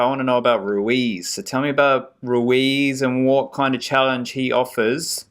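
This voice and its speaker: A man's voice: medium pitch, fairly even intonation, moderate pace, hardly any pauses, smooth. A man with a New Zealand accent co-hosting a casual sports podcast, throwing in jokey slang and steering the chat with questions. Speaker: co-host.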